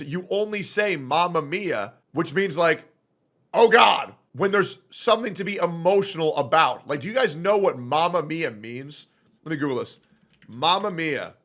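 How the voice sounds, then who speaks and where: A brash young man giving casual reaction commentary on a stream, blunt and foul-mouthed as he rants. His voice sits a bit high and bright, with a sharp edge, swinging widely in pitch. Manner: blunt, profane, ranting.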